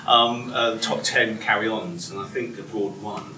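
Male host, lower voice, eager, stage Q&A, far-off mic. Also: fairly even intonation, unhurried. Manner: enthusiastic fan, many fillers and restarts. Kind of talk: stage interview. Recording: echoey hall, distant mic, audible noise.

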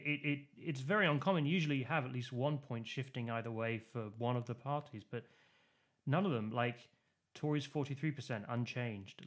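A man co-hosting a podcast, explaining voting and polls in a casual, rambling way with many fillers and restarts. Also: medium pitch. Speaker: podcast co-host. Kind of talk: casual political chat.

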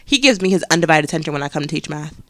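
A woman's voice: low-pitched, lively intonation, rapid-fire, no room sound. A young adult woman, a teacher and podcast co-host, telling a story in casual chat and acting out the voices of people she quotes.

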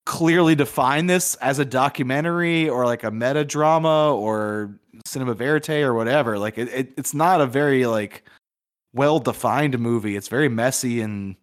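A young man talks through a movie on a podcast in a loose, rambling way, leaning on "like" as he thinks aloud. His voice sits at an ordinary middle pitch for a man. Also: moderate pace. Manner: rambling, frequent "like" fillers. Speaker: podcast co-host. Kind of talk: casual film discussion.

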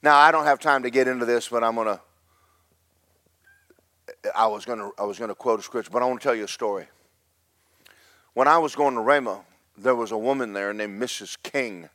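A middle-aged man preaching a sermon, telling a story in loud bursts that drop to hushed asides. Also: mid-range voice, a little fast, long pauses, no room sound, clean studio sound. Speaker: pastor.

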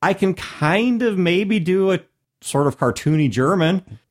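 A man's voice: sits high, expressive, a little slow. A man hosting a podcast in casual chat, talking emphatically and laughing often, from Missouri. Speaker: podcast host.

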